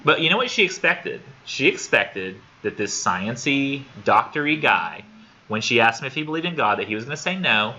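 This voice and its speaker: A man's voice: mid-range voice, very animated, moderate pace, pushed and bright. A man teaching a college literature class, talking casually and thinking aloud, often repeating words as he goes. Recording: dull lo-fi classroom recording with faint noise.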